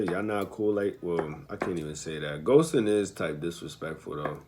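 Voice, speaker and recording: A man's voice: deep voice, lively intonation, normal speed, hardly any pauses, a little mellow, a little hiss or hum. A man giving laid-back, slangy reaction commentary on a video, thinking aloud and correcting himself. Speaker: commentator reacting to a dating show.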